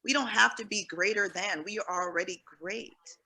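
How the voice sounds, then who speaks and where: A woman's voice: medium pitch, normal speed, vocal fry, sharp tone, slightly rough, rough recording. A woman speaking on a panel in an earnest, encouraging, emphatic way. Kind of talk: panel discussion.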